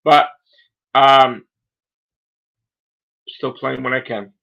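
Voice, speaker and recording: A man's voice: mid-range voice, fairly even intonation, extremely slow, creaky, a bit bright. A man hosting a casual livestream chat, rambling through grumbling asides while losing his voice. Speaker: livestream host. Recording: dull lo-fi sound.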